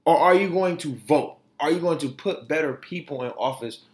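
A man's voice: fairly high pitch, normal speed. A man hosting a podcast, giving blunt, profane opinion commentary in a heated, ranting way and sometimes stumbling over his words. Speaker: podcast host.

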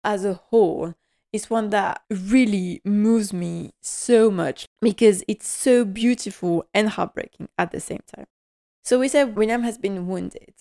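A woman hosting a podcast, giving a casual episode recap in a quick, emotional, heartfelt way. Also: mid-range voice, gravelly, warm tone. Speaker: podcast host.

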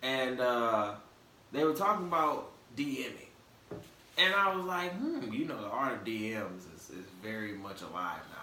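A man who grew up in Michigan after coming from the American South hosts a casual live-stream podcast, his light Southern accent tinged with Detroit. He speaks at a normal speed in a mid-range voice that is expressive, pushed, and bright, full of slang and restarts. The recording is echoey and distant, with faint noise.

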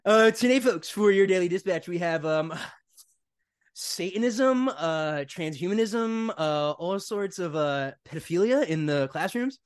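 A man doing an impression of a male talk-radio host, slow and drawn-out with "uh" pauses. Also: high-pitched, lively intonation, smooth, dry recording, clean studio sound. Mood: mock-solemn. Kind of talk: impression of a radio show opening.

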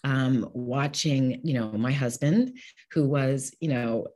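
A middle-aged woman, a caregiver and widow appearing as an interview guest, speaks in an extremely low, mellow voice that is animated yet slow. She talks candidly and emotionally about caring for her husband, often rambling and starting over.

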